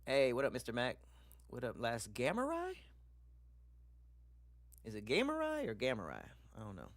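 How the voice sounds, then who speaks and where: A male streamer talking in a loose, casual way, full of slang and the odd curse. His pitch swings widely as he reacts. The sound is dry and close, with no room around it. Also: normal speed, no room sound. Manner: loose and animated, casual slang, swearing and laughing. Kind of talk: casual livestream chat, reacting to videos and reading comments.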